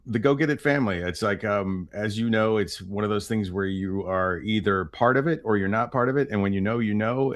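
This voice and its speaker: Deep projecting man, dry close sound. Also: no echo. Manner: projecting, chatty, laughs often. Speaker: podcast guest, voice actor. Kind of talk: casual interview chat.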